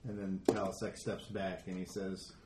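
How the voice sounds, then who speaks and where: Man, game master, running narration, lowish voice, noisy room. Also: little pitch movement, normal speed, darkish tone. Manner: loose running narration with frequent "and then" links. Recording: echoey room with background noise.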